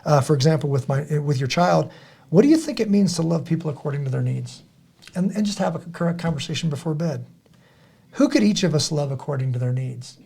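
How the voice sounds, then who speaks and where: Husky middle-aged man, earnest storyteller. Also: a little high, fairly quick. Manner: earnest, animated storytelling with acted quotes. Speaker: podcast host. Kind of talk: casual podcast conversation.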